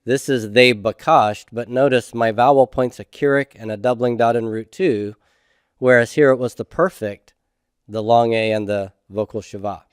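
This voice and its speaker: The speaker, a middle-aged man teaching Hebrew grammar, builds his explanation step by step at a slow, methodical pace and keeps asking "okay?". His voice is medium-pitched, steady and smooth, recorded dry with clean studio sound.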